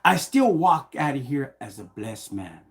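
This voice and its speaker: On a live stream, a middle-aged man with a mid-range voice recounts a personal story at a measured pace. He's casual and animated, heavy on slang, and acts out the things people said to him.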